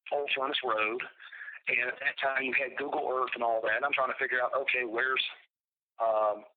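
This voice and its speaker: A man in prison telling a personal story by phone, halting and rambling, with frequent restarts and swearing. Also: medium pitch. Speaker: incarcerated interviewee. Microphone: prison telephone. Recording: tinny prison phone line.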